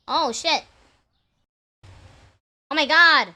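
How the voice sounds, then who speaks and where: Young woman, game streamer, high-pitched, casual live chat, joking and crude. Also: animated, sharp tone. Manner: playful, crude, quick to laugh, talks to chat. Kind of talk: casual live-stream commentary while gaming.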